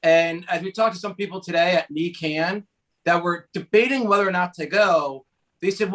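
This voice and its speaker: A man from New Jersey talking as a guest on a talk show in an energetic, chatty way. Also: high-pitched, normal speed. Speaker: guest speaker. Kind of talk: conversational interview talk.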